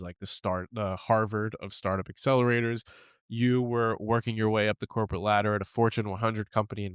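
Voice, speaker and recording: A man with a smooth, lowish voice, recorded dry, co-hosts a podcast. He tells a personal story candidly and with animation, laughing now and then and swearing casually.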